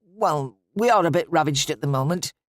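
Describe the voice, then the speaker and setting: A woman voicing a gruff, worn-out father. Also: deep voice, expressive, normal speed, no room sound, clean studio sound. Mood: weary, irritable. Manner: snappish, tired, mumbling. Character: weary grieving middle-aged father, curt.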